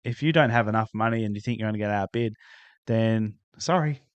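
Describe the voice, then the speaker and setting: A man hosting a podcast in casual chat, laid-back and quick to laugh along. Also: fairly low pitch, smooth, no echo, dull audio. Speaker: podcast host.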